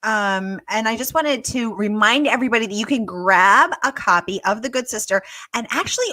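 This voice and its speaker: Chatty American woman host, bright tone, laughs a lot while relaying comments. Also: a little high, normal speed, no echo. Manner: chatty, reads audience comments aloud, laughs often. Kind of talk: live online book interview.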